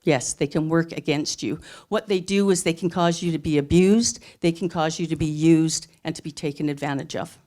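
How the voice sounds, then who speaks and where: A woman's voice: low voice, fairly even intonation, fairly quick, hardly any pauses, dark tone. A middle-aged woman telling a personal story live on a theatre stage, earnest and emphatic. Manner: earnest, emphatic, plain-spoken.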